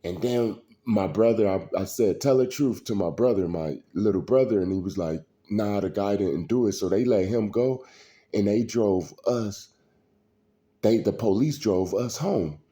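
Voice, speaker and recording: Slow deep-voiced man telling stories. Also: mellow. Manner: slow, preachy street storytelling. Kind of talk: casual storytelling monologue.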